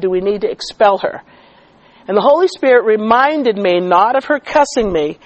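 Woman, teacher and coach, preacher cadence, animated delivery, dry close recording. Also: medium pitch, no room sound, rough recording. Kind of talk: testimony-style church talk.

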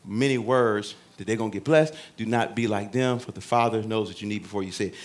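A man preaching a sermon in a folksy, joking way, swinging between loud shouted emphasis and hushed asides. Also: lowish voice, brisk, hardly any pauses. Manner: conversational, folksy preaching with humor.

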